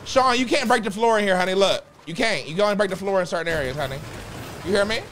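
A young man streaming a game, talking in a flamboyant, sassy, profane way with sudden loud outbursts. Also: high-pitched, fast talker, a little hiss or hum. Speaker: gaming streamer. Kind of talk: casual gameplay commentary.

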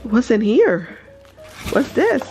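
A woman, gushing and gasping excitedly while unboxing gifts at home in a casual vlog. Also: a little high, slow, music in the background. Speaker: vlogger.

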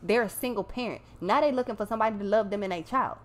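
A woman's voice: mid-range voice, fast. A woman giving a casual tarot reading, talking bluntly and emphatically with plenty of swearing. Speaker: tarot reader.

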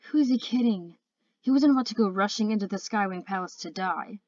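Reading a fantasy novel aloud at home for an amateur audiobook, this earnest woman keeps a brisk but careful, steady delivery, tripping on the odd word. The sound is close, somewhat muffled, dry and without echo, and her pitch sits in the middle range.

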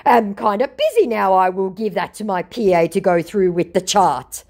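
A woman's voice: mid-range voice, expressive, moderate pace, darkish tone, pitched above the performer's own voice. A woman voicing a pushy, defensive male online scammer, reading his messages aloud in an indignant, wheedling way.

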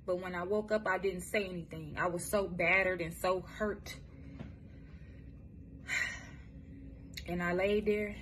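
Candid woman from Michigan, blunt and halting. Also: mid-range voice, fairly bright tone, a little hiss or hum. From Michigan, USA. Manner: candid, profane, halting with restarts. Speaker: vlogger telling her life story. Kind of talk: personal testimony, casual storytelling.

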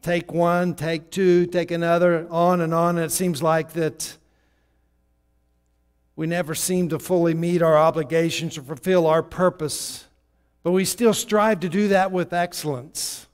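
A man preaching a sermon in a church, telling a story in a loose, conversational way with halting restarts. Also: a little high, steady tone, smooth. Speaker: guest preacher. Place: church sanctuary. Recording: long hall reverb.

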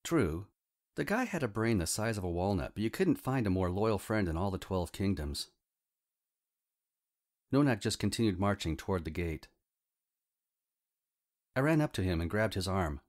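A man's voice: deep voice, very animated, moderate pace, long pauses, a little mellow. A man narrating a comic fantasy audiobook in the first person, with a wry, humorous storytelling manner.

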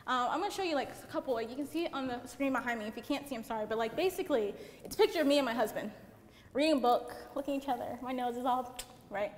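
High-voiced, chatty woman in a reverberant hall. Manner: chatty, giggly, peppered with "like". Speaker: seminar speaker. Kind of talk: casual presentation to an audience. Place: seminar room, on stage. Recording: reverberant hall with faint room noise.

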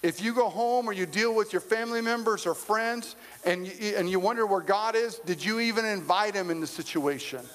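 Male pastor with a high voice, conversational sermon delivery with humor, recorded in a reverberant church hall. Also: a little fast, few pauses, fairly bright tone. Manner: conversational preaching with humor and repetition; addresses the congregation directly. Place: church sanctuary with a congregation. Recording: long reverb of a large hall.

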